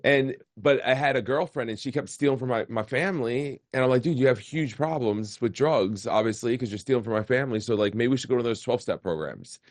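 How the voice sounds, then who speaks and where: A man's voice: medium pitch, fairly quick, hardly any pauses, dry recording. A man in his forties, a podcast guest, telling his life story in a casual, candid way and often repeating words. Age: 40s. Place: remote call.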